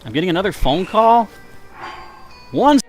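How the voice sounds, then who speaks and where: A man's voice: high-pitched, big pitch swings, normal speed, a little mellow, faint music behind. A man giving casual, rambling commentary while live streaming a video game and chatting with viewers, sounding tired. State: tired, yawning.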